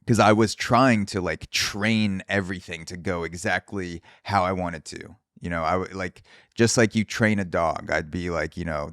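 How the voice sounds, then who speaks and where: A male podcast host giving an animated solo monologue and casually swearing as he acts out quoted voices. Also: low-pitched, normal speed, no echo, clean studio sound. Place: Brooklyn, New York.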